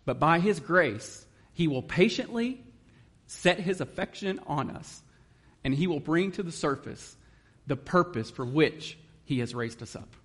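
A man's voice: on the high side, lively intonation, a little slow, a bit bright, slightly rough. A man preaching a sermon in an earnest manner, reading scripture and explaining it. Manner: earnest, emotional at times, reads scripture aloud. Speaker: guest preacher.

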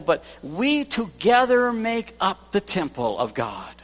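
A man who is a pastor preaching a sermon, swinging from loud emphasis to hushed lines. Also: sits high, very animated, unhurried, hardly any pauses. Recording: long church reverb.

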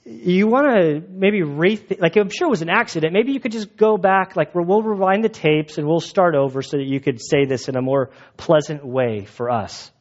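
Preacher playing a fretful, wounded lawyer who hedges and pleads; slightly high voice, muffled sound. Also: male voice, moderate pace, hardly any pauses, natural voice. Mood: pleading. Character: whiny, nervous adult male lawyer. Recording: dull lo-fi sound.

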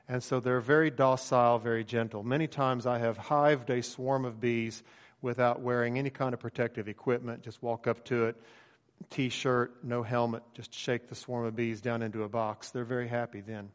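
A middle-aged man, a pastor, telling a story in a sermon in a relaxed, conversational way, with many pauses and fillers. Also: medium pitch. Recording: long hall reverb.

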